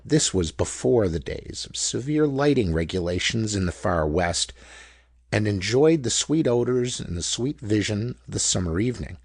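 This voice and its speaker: Male audiobook narrator, lively intonation, husky texture. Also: fairly low pitch, no echo, studio quality. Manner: measured, descriptive reading. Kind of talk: scripted narration.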